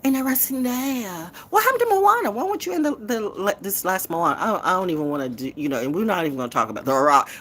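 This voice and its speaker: A woman's voice: medium pitch, big pitch swings, fast, hardly any pauses, a bit bright, slightly rough. A woman poet who hosts her own show, ranting in a defiant, profane, trash-talking way. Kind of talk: confrontational rant.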